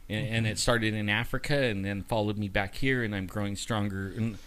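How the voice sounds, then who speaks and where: A man's voice: on the low side, fairly quick, clean tone. Man telling a story, acting out dialogue. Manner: animated, acts out dialogue with many "you know" fillers. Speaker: guest. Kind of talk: casual storytelling.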